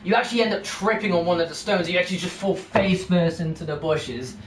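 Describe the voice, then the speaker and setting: A man's voice: high voice, fast talker. A man running a casual home tabletop game as game master, narrating in a rambling, self-correcting way. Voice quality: rambling, restarting often while narrating. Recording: roomy, distant, noisy home recording.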